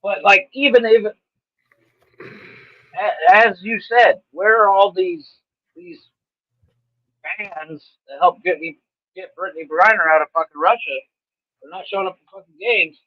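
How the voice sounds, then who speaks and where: A high-voiced man co-hosts a comedy podcast with sarcastic banter. His voice comes through a dull, lo-fi mic that takes the sparkle out of it. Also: measured pace, pauses often. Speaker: podcast co-host. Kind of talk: casual comedy podcast chat.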